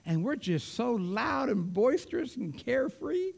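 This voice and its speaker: Lively high-pitched male preacher. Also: measured pace, vocal fry. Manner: dramatic swings from loud preaching to hushed whispers. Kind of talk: sermon.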